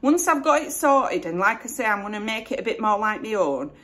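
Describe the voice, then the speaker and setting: A woman's voice: mid-range voice, sing-song, fairly quick, fairly bright tone. Woman, middle-aged, broad west yorkshire accent, casual rambling q&a chat, self-correcting. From Bradford, England. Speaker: vlogger.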